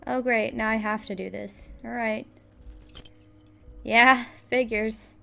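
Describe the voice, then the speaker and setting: Creaky-voiced woman playing a game. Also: fairly high pitch, fairly even intonation, slow pace, pushed and bright, faint music behind. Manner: playful, reads game text aloud, swears, laughs often. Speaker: let's player. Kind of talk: casual gameplay commentary.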